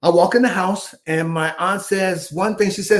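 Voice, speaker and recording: A man's voice: high-pitched, moderate pace. A man in his seventies from Chicago, telling his life story in an interview and acting out each voice in it. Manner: animated storyteller who acts out the dialogue. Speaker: guest, former basketball player.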